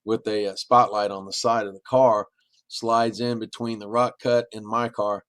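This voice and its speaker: A man's voice: lowish voice, little pitch movement, moderate pace, a bit bright, no echo. A middle-aged man, a podcast guest, telling long rambling stories in a casual, anecdotal way. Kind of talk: casual storytelling.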